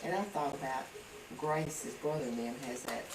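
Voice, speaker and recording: A woman's voice: a bass voice, moderate pace, gravelly, a crowd in the background. A woman telling a long story at home in casual talk. She rambles and acts out what people said. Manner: rambling, acts out quoted dialogue. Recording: roomy home video from a distance, background noise.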